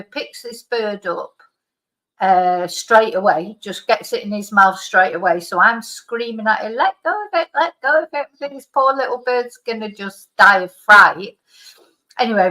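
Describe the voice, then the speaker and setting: Woman vlogger, bright tone, chatty rambling storyteller, home setup. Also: mid-range voice, low-quality recording. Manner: rambling, digressive, with many asides. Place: at home by a computer.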